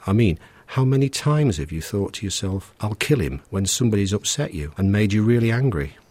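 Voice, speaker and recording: A man's voice: fairly low pitch, lively intonation, brisk, a little mellow, husky, no echo, voice pushed up. A man voicing a nervous middle-aged husband who talks in an anxious, fretful way.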